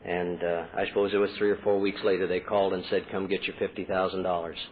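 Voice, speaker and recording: A man's voice: low voice, little pitch movement, quick pace. Man, AA convention speaker, storytelling with quoted voices, tinny old tape with faint hiss. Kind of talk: recovery talk to a meeting. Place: convention hall.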